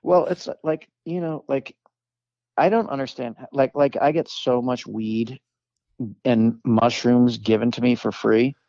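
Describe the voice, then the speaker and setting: A man's voice: medium pitch, steady tone, unhurried, warm tone, no room sound, muffled recording. A man, a comedic actor, telling stories as a podcast guest in casual chat, rambling with many fillers and restarts and acting out the people he quotes.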